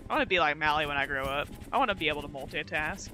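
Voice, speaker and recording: A woman's voice: low-pitched, expressive, very fast, pushed and bright, faint music behind. A young woman streamer chatting casually, slangy and laughing often. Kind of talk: casual chat.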